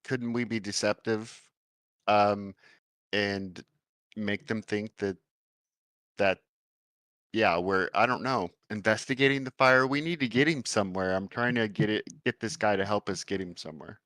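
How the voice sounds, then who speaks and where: A man playing a tabletop game over an online call, thinking aloud with many pauses and laughs. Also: fairly low pitch, fairly bright tone, no room sound, clean studio sound. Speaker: player. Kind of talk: casual game table chat.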